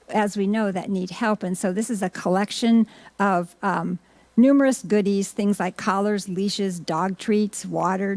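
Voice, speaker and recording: A woman giving announcements at a church service, speaking haltingly with many ums and restarts. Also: medium pitch, darkish tone, no room sound.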